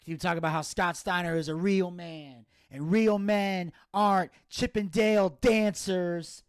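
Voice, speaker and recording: A man's voice: sits high, measured pace, clear, resonant tone, no echo. A man co-hosting a casual podcast, telling stories with energy, acting out what people said and swearing freely. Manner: animated storyteller acting out quotes, swearing freely. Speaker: podcast co-host.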